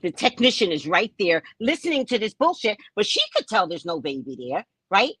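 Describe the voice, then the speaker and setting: A woman's voice: medium pitch, big pitch swings, a little fast, fairly bright tone, slightly rough, no echo, poor audio. A woman hosting a live stream, telling a personal story in a casual, blunt and profane way, laughing often. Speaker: psychic reader and live-stream host.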